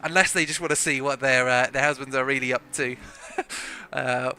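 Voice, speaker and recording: A man's voice: mid-range voice, fairly even intonation, normal speed, sharp tone, clean tone. Chatty South African man commentating. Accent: South African with some British English. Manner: rambling, chatty, jokey. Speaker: race commentator. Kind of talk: sim racing livestream commentary.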